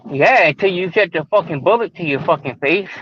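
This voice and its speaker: A man's voice: a little high, expressive, fairly quick. A man co-hosting a podcast in casual chat, blunt, profane and insistent. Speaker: podcast co-host. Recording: muffled lo-fi audio with faint hiss.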